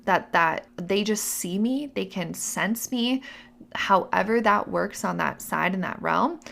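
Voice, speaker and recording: Low, gravelly-voiced woman host. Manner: chatty, acts out voices in quotes. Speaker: podcast host. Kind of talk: casual storytelling.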